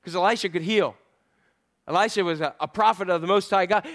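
A high-voiced man preaching in a church, lively and playful, leaning on repetition and questions to the congregation. His voice runs from soft and low to loud, bright bursts. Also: fairly quick. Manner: animated, playful, repeats phrases. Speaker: pastor. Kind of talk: sermon.

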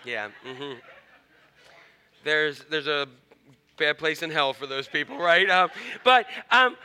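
A man's voice: a little high, takes it slowly. A male pastor, preaching a playful, conversational sermon and acting out honks and quoted voices. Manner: animated, playful, acts out honking and quoted voices. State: tired.

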